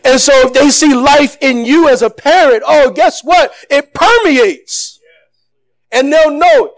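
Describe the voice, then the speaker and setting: A man preaching a sermon as pastor, loud and animated, with casual slang and repetitions, swinging between shouts and soft, low passages. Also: normal speed, dry recording.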